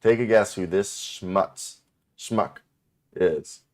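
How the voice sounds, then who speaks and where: A man's voice: low voice, slow. A man co-hosting a basketball podcast in casual chat, teasing and joking. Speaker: podcast co-host.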